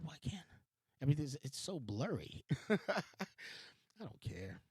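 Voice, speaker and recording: A man's voice: mid-range voice, a little mellow, no room sound. A man with a Los Angeles accent rambles through his own talk show from a home computer, taking his time over every thought. He meanders, breaks off mid-sentence, swears casually and laughs at himself. The sound is dry and close, with no room around it. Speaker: podcast host.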